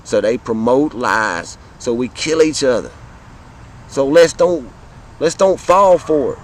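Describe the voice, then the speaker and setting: A man's voice: mid-range voice, lively intonation, slow pace, rough recording. A man with a Southern American accent, delivering a fiery, profane rant straight to his viewers and repeating his points for emphasis. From Southern United States. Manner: fiery, profane, repetitive, addresses viewers directly. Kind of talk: impassioned political rant to camera.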